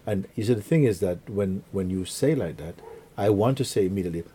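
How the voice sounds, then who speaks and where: A middle-aged man gives a spiritual talk to listeners in a very deep, low voice. His tone is dark and mellow. He is unhurried and earnest, and he acts out little quotes and images as he teaches. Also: expressive, slight background noise.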